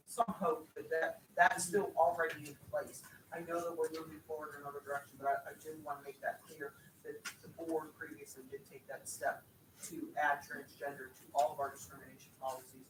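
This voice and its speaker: A man on a school board giving a measured, reassuring reply at a meeting. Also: on the high side, level tone, noisy background. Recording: echoey room from far off.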